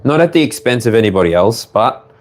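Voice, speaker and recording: A man's voice: mid-range voice, big pitch swings, fast. A man with an Australian accent giving a live collective tarot reading, rambling and playful, drifting into humming and laughter. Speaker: tarot reader.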